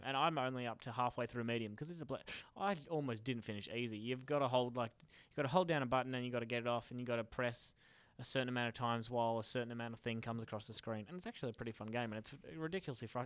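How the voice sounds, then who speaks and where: A man's voice: mid-range voice, fairly bright tone, clear, resonant tone, no room sound. A young man co-hosting a podcast in casual, jokey, enthusiastic chat. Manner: enthusiastic, jokey, laughing often. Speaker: podcast co-host.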